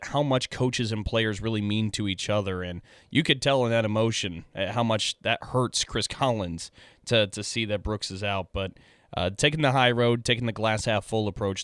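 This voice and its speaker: Man, sports radio host, measured delivery, dry close studio sound. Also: fairly low pitch, fairly bright tone, dry recording. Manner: measured, introduces clips. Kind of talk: scripted sports talk segment.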